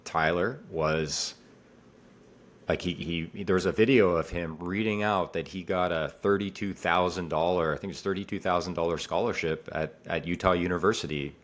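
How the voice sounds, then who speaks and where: A man with a very low voice speaks earnestly in a casual podcast conversation. He circles back to the same phrases over and over to stress how strongly he feels. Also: moderate pace. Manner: earnest, repeats phrases for emphasis. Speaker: podcast co-host, father.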